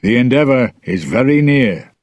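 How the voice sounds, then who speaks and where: A man's voice: medium pitch, expressive, moderate pace, no room sound, pitched above the performer's own voice, lightly acted. A man voicing a grizzled male pirate first mate, urgent and blunt.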